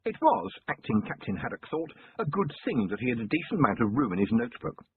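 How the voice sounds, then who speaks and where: A man narrating an audiobook in a measured, dry storytelling manner. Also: fairly low pitch, very animated, a little hiss or hum. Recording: tinny lo-fi recording.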